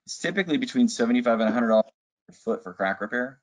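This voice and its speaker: A man's voice: mid-range voice, animated, racing. A man working as a sales manager who talks casually and enthusiastically in a webinar, with frequent fillers. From Arizona. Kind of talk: webinar presentation. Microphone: video call.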